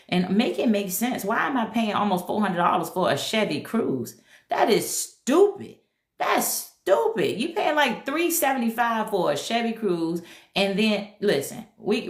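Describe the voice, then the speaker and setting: Animated woman chatting on a livestream. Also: on the low side. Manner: animated, emphatic, talks straight to viewers. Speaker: livestream host. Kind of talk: casual livestream chat. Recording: echoey room.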